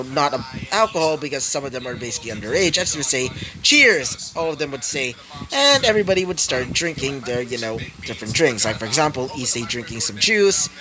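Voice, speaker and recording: A man's voice: on the high side, sharp tone, rough recording. A man improvising a fan-story narration, rambling with many fillers and you-knows, with crowd noise behind.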